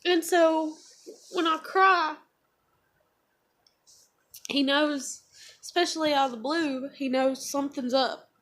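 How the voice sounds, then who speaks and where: A woman's voice: high voice, fairly even intonation, takes it slowly, long pauses, a bit bright. A woman, talking emotionally and rambling with lots of fillers in a confessional vlog. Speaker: vlogger.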